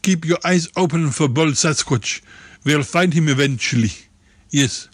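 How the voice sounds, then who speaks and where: Man as a stiff, earnest searcher, slightly high voice, dry. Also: breathy edge, dry recording. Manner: formal, earnest, unhurried. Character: earnest, formal male searcher.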